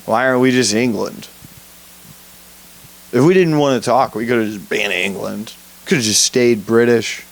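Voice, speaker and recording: A man's voice: mid-range voice, moderate pace, gravelly, long pauses. A young man hosting a solo podcast, rambling profanely in a casual rant, often laughing at himself. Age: young adult. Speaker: podcast host.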